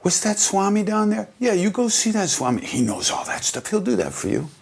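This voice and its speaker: A teasing old holy man who plays dumb in a high, lilting voice, as a man with a husky, gravelly voice puts him on. He sounds coy and evasive. The voice sits far above the performer's usual low register. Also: very animated, a little fast, heavily acted. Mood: coy, playful. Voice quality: high, sing-song. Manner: teasing, feigning ignorance. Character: playful old male guru, coy and evasive.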